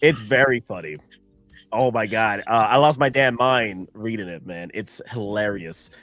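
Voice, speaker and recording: A man hosting a casual stream chat who talks in an excitable, rambling way and laughs often. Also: on the low side, unhurried, no echo, faint music behind. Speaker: streamer host.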